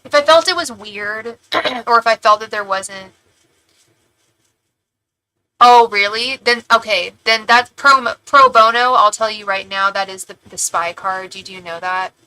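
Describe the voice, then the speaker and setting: A woman's voice: fairly high pitch, unhurried, sharp tone, clear, resonant tone, poor audio. A woman giving a live-streamed tarot reading, chatty and reassuring, with lots of fillers and restarts and fond asides to the viewer. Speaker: tarot reader and psychic.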